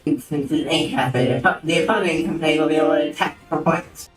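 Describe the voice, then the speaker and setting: A man's voice: on the high side, fairly even intonation, a little fast. Rambling, swearing male game streamer. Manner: rambling, swearing, self-interrupting. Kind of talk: casual gameplay commentary. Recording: roomy, distant mic, faint music.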